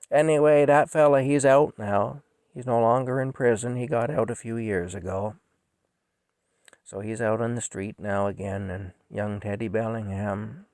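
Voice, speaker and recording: Low-voiced man rambling through a story. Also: fairly even intonation, darkish tone, no room sound, studio quality. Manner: rambling, halting, emotional. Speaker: vlogger telling a personal story. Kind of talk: casual storytelling monologue.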